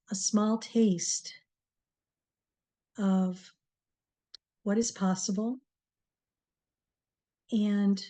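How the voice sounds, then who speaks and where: Slow, mellow-voiced woman host. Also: medium pitch. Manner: slow, pausing, soft-spoken and encouraging. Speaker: TV show host, speaker on word power. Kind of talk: motivational talk to viewers.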